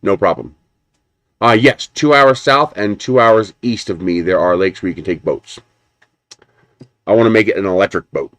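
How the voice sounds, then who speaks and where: Low-voiced guy rambling on a live stream, chatty, laughs a lot, dry close sound. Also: moderate pace, pauses often, a bit bright, no room sound. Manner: rambling, chatty, answers viewers, laughs often. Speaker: 3D printing livestream host. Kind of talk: casual live chat while unboxing.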